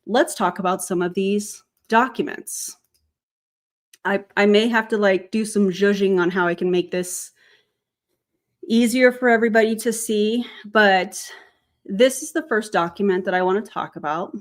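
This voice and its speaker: A woman's voice: mid-range voice, a little slow. A woman hosting a casual commentary vlog, chatty, tossing in sarcastic asides and correcting herself as she goes. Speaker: commentary channel host.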